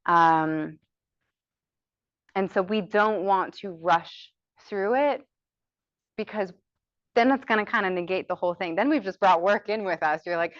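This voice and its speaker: A woman's voice: fairly low pitch, normal speed, no echo, highs cut off. A woman with an American accent teaching a yoga teacher training, chatty and encouraging, demonstrating breaths and cues aloud.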